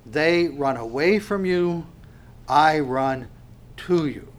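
A man's voice: fairly high pitch, expressive, slow. A man preaching an expository sermon as a pastor, earnest and emphatic, often restarting and repeating words as he explains a passage.

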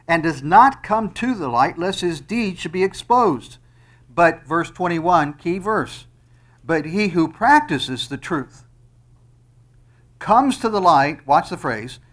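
A man's voice: fairly high pitch, fairly bright tone. A middle-aged man preaching an expository sermon, reading scripture aloud and stressing key phrases emphatically. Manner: emphatic, rising on quoted verses.

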